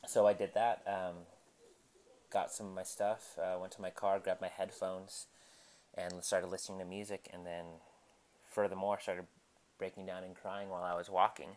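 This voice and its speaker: A young male podcast host records himself in his apartment, telling a personal story in a loose, candid way, with household noise in the background. His somewhat low, darkish voice stays level at a normal speed, and he often stops, restarts and fills gaps with ums.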